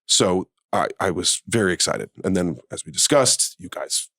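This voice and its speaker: A man's voice: lively intonation, normal speed, fairly bright tone, dry recording, studio quality. A middle-aged man chatting as a podcast guest, telling stories and acting out what people said. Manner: chatty storyteller, acts out quotes in a higher voice. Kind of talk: casual conversation.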